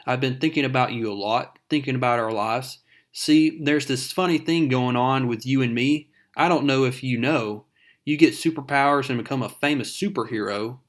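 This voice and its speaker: A man reading out a resentful young comic-book character who has stewed over an old friend for months. The lines come calm and conversational, then sharpen into pointed accusations. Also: mid-range voice, moderate pace, natural voice. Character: bitter young man with a grudge.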